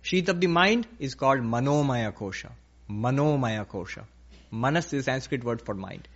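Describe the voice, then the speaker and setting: A man giving a slow, emphatic spiritual lecture, repeating key phrases as he teaches. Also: medium pitch, lively intonation, a bit bright. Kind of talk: philosophical lecture. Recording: dull lo-fi recording.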